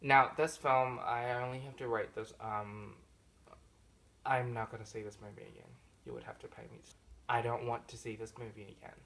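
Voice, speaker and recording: A man giving a casual, jokey movie review. He speaks to the actors directly in mock complaint, and his loudness and pitch swing widely. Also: animated, moderate pace, creaky.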